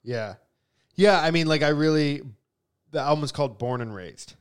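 A man's voice: a little high, moderate pace, clean tone. A man co-hosting a music podcast, chatting loosely with lots of fillers and swearing. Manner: rambling, swearing, many fillers. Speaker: podcast co-host. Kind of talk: casual chat.

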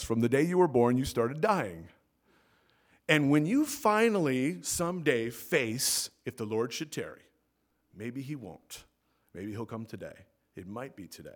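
A man preaching a sermon as pastor in a church, swinging between loud emphatic peaks and soft low asides. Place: church sanctuary.

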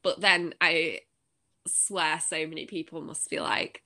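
A woman's voice: low-pitched, steady tone, a little slow, pushed and bright. A woman with a slight Manchester twang co-hosting a podcast in casual, plain-spoken, self-deprecating chat. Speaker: podcast co-host.

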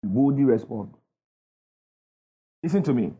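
Sing-song and mellow, a slightly high male voice preaches at normal speed with frequent pauses. He leans on emphatic call-and-response, asking the crowd "what?" to have them complete his lines, and the recording sounds dull and lo-fi.

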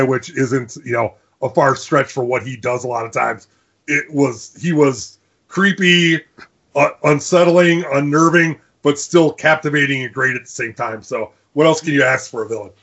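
A man chatting casually about movies as a co-host, rambling and animated, with lots of restarts and asides. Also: mid-range voice, normal speed, lo-fi sound. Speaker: podcast co-host.

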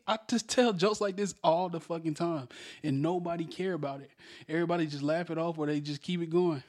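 A man's voice: a little high, moderate pace. A young man co-hosting a casual podcast, telling a story loosely with slang and lots of profanity. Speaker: podcast co-host.

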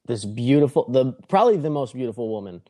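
Speaking fast at medium pitch, a young adult man retells a story on a casual podcast. It rambles and is profane, and he acts out the other people's dialogue with animation.

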